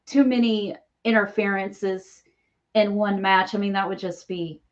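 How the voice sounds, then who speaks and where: A woman co-hosting a casual wrestling chat, easygoing and quick to laugh. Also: medium pitch, fairly even intonation, highs cut off. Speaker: co-host.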